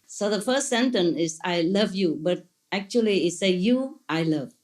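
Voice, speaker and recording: A woman's voice: lowish voice, expressive, normal speed, darkish tone. Woman, spiritual teacher; playful, gushing, laughs often; imperfect English. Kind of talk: answering questions at a gathering.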